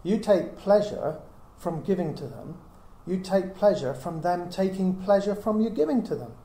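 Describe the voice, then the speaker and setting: A man's voice: high-pitched, expressive, moderate pace, mellow. A middle-aged man giving an earnest Bible teaching, reasoning aloud with many rhetorical questions. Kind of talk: teaching talk to a small group. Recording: echoey room with faint hiss.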